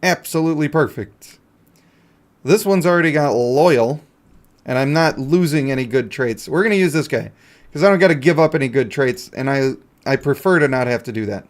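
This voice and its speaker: A man's voice: mid-range voice, normal speed. A male game streamer in casual live-stream commentary, chatty and joking as he talks to himself and his chat.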